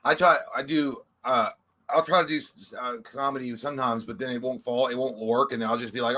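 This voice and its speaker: A man's voice: medium pitch, steady tone, sharp tone. A man co-hosting a livestream, telling rambling comic stories and slipping into mocking impressions. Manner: fast, rambling storyteller, slips into mocking impressions. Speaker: livestream co-host. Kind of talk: casual comedic banter.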